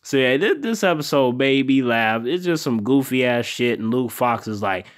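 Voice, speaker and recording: A man's voice: mid-range voice, expressive, moderate pace. A man hosting a casual vlog review, laid-back and profane, often laughing and acting out characters' lines. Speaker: TV show reviewer and channel host.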